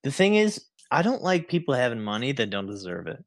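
A man's voice: medium pitch, very animated, fairly quick. A man co-hosting a casual gaming podcast, ranting and mocking himself, laughing often. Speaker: podcast co-host. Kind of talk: casual chat.

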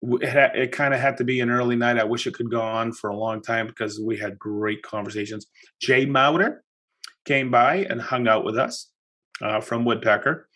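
Brief: male podcast host, mid-pitched, relaxed chat, animated storyteller. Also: moderate pace. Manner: animated storytelling, chatty with many restarts. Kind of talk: casual chat.

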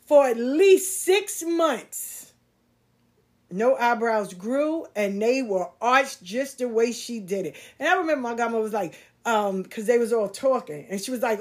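A middle-aged woman telling a personal story, candid and animated, swearing casually and using slang. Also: fairly high pitch, a little slow. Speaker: podcast host.

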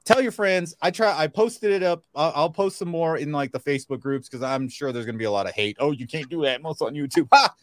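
A man's voice: fairly high pitch, brisk, hardly any pauses, no room sound, clean studio sound. A man co-hosting a podcast, chatting casually and joking around with his co-host on a live stream. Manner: joking, playful, teasing. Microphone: desk mic over a streaming call.

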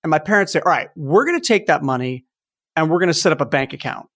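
A man in his fifties hosting a podcast, telling childhood stories in a casual, animated way. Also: fairly high pitch, fast talker. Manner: animated storytelling, acts out toy sounds. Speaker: podcast host. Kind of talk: casual chat.

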